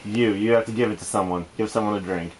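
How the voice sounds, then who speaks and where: A man's voice: lowish voice, fairly even intonation, quick pace, echoey room, rough recording. A man at a drinking game among friends, explaining the rules with dry humor. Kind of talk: casual chat at a drinking game. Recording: home video with loud party crowd.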